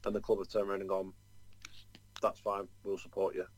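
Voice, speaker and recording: A man's voice: sits low, monotone, brisk, low-quality recording. A man co-hosting a football podcast, talking in a loose, chatty way full of "you know" asides. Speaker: podcast co-host. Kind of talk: casual chat.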